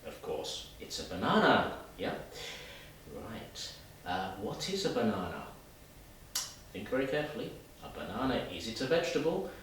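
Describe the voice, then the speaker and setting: Lively man teaching in an echoey room. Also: fairly low pitch, moderate pace, far from the mic, a little hiss or hum. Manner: lively, demonstrative, talks to viewers directly. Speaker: English teacher. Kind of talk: video lesson.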